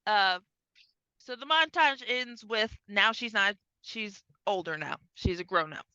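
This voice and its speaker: A bright, clear-voiced woman chatting on a podcast, retelling a film and jumping up in pitch to play each character's lines. The sound is dry and a little muffled. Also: unhurried, dry recording. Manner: animated, acts out characters' lines with big pitch jumps. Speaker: podcast co-host. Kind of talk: casual chat recapping a film.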